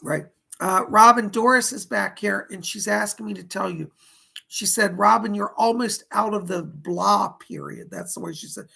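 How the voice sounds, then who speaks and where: A man hosting live psychic readings. He relays spirit messages with a steady "he said", and he reads viewer donations aloud and thanks each viewer. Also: high voice, moderate pace, gravelly, slightly rough. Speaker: psychic medium host.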